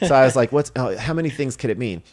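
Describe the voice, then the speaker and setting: Talking quickly at medium pitch, this podcast guest, who works as a film director and assistant director, spins casual stories. He's animated, performs the dialogue he quotes, and laughs throughout.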